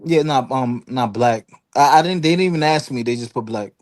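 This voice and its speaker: A man's voice: medium pitch, a little fast, a little mellow. A man on a casual podcast panel, rambling through long explanations and slipping into quoted voices. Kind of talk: casual chat.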